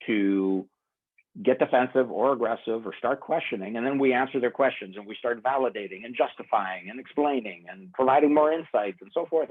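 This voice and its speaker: A man's voice: fairly low pitch, husky. A man giving a conference workshop talk, telling a story and acting out both sides of the conversation. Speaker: workshop speaker. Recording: thin phone-like sound.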